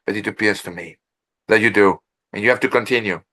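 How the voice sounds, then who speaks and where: A man appearing as an interview guest, speaking in a formal, deliberate and complimentary way. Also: lowish voice, pushed and bright. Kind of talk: interview conversation.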